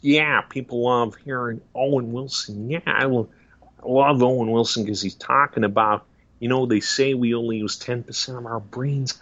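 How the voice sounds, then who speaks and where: A man's voice: mid-range voice, steady tone, fairly bright tone, dry recording. A man talking casually in an interview about the voices he does, laughing often and slipping into impressions. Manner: breaks into quick celebrity and preacher impressions, laughs often. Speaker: impressionist guest. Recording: dull lo-fi sound.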